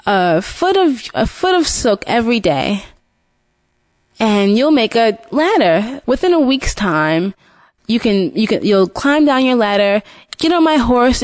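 A woman's voice: a little high, big pitch swings, measured pace, no room sound, clean studio sound. A woman voicing a devoted young prince in her own voice, speaking hesitantly and repeating words. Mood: earnest.

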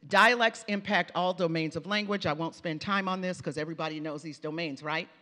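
Fairly quick and rather low, this woman's voice has a pushed, bright edge. She is a Pacific Northwest lecturer on language and reading giving a conversational conference talk, telling stories and addressing the audience with asides. The recording carries the reverberation of a lecture hall.

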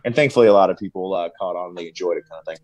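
Laughing, slangy firefighter guest. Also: male voice, low voice, rapid-fire. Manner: lively, laughing, slangy storytelling. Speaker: firefighter and comedy video creator. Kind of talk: casual podcast interview.

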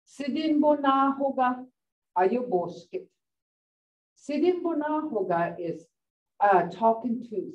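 A woman teaching a language class. She speaks slowly, and her pitch swings widely as she repeats each word for her learners. The sound is dull and lo-fi, picked up from a distant mic in a classroom. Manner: lively, laughs often, repeats words slowly for learners. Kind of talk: teaching a vocabulary lesson.

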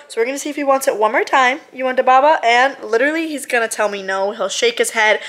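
Bright-voiced chatty woman vlogger. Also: high-pitched. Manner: chatty, upbeat, baby-talks to her pet. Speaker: pet vlogger. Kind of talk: casual how-to vlog. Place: home kitchen and living room.

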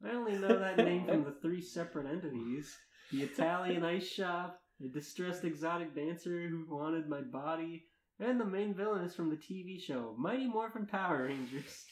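A man's voice: on the high side, moderate pace. Male podcast host, mock-dramatic fanfic reader, echoey space. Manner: earnest mock-dramatic reading, laughing breaks. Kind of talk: comic dramatic reading of fan fiction. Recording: roomy echo.

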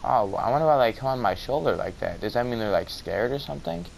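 A young man casually commentating his own game, mumbling to himself and then bursting out in excitement. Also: medium pitch, quick pace, creaky, a little hiss or hum, low-quality recording. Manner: excitable, swings from mumbling to yelling. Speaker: gamer. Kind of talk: casual let's-play commentary. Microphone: cheap mic with white noise.

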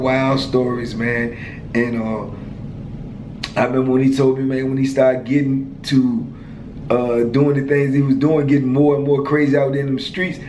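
A man's voice: medium pitch, darkish tone, echoey room, a little hiss or hum, rough recording. Laid-back man telling a story. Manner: laid-back street slang, lots of "you know" and "man". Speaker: storyteller, former prisoner. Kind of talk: casual storytelling.

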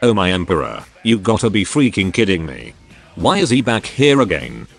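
A man's voice: fairly low pitch, sing-song, moderate pace, creaky, fairly bright tone, slightly rough, faint music behind. A computer-generated male voice reading crude first-person forum stories straight through. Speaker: narrator.

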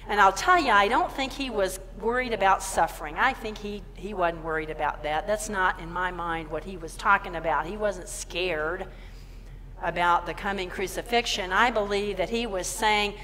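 A woman's voice: mid-range voice, normal speed, bright, forceful tone. Woman preaching in a reverberant church. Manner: emphatic, repeats phrases, asks the congregation questions. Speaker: minister. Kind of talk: sermon. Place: church sanctuary.

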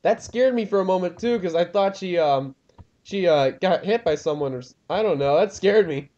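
A man's voice: sits high, moderate pace. Young man with a dull lo-fi race commentary. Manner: rambling, lots of ums, excitable about crashes. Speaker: lead commentator of a sim racing league.

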